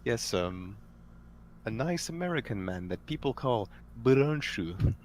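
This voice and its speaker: A man player in a tabletop game podcast, playful and animated in casual chat. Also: medium pitch, a little slow, slight background noise.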